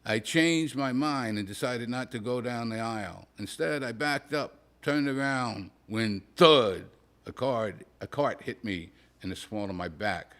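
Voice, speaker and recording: A man reads a comic prose story aloud at a poetry reading, his voice at an ordinary middle pitch. He keeps a dry, deadpan tone, letting the wry asides land without pushing them. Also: a little slow. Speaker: poet reading his work.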